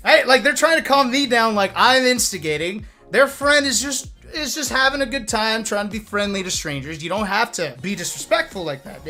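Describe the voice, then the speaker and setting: A man streaming to his chat, telling a story in a casual, animated way, swearing freely and checking in with "right?". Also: high-pitched, brisk, hardly any pauses, soft background music. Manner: animated, profane, talks to chat with lots of "right?".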